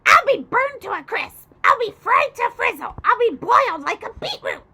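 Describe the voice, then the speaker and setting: A woman voicing a cranky old grandmother who yells in panic. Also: very high-pitched, big pitch swings, moderate pace, voice pushed up, heavily acted. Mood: outraged. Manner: shrieking, panicked yelling.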